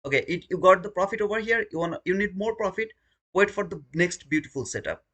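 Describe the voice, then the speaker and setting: A man's voice: high voice, expressive, fast talker, bright, forceful tone. A man streaming his day trading live, talking through the chart and alternately pleading with the market and scolding himself.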